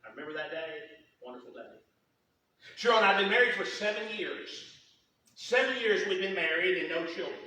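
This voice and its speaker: A middle-aged man preaching a sermon, telling folksy stories with lots of repetition and quick humor. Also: high voice, sharp tone. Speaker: pastor. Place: church sanctuary. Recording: roomy church hall, voice from a distance.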